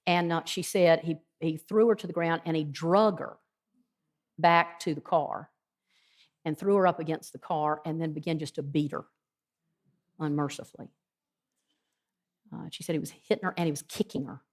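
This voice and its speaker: A woman's voice: deep voice, moderate pace, long pauses. A woman guest speaker earnestly retelling a testimony at a Bible study, with frequent ums and hesitations.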